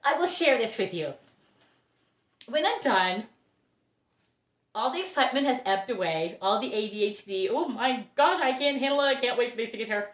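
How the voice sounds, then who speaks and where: Woman from Ohio, fairly high voice, gushing, giggly unboxing chat, echoey room. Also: animated, moderate pace, pauses often. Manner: gushing, laughs often, exclaims and gasps. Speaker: orchid grower and vlogger.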